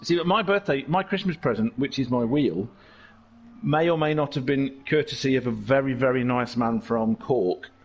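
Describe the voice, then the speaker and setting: A man's voice: medium pitch, muffled recording. A man commentating a charity race stream, rambling and joking as he goes off on tangents.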